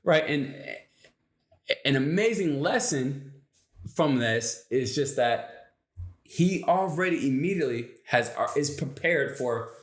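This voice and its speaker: A man's voice: a little high, expressive, takes it slowly. A man hosting a motivational video, telling a story casually and often checking in with the listener. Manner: casual, conversational, frequent tag questions. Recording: echoey room.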